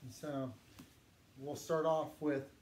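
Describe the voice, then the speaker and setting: A man teaching a language lesson, patiently saying words slowly for learners to repeat. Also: on the high side, steady tone, darkish tone. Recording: echoey room with faint noise.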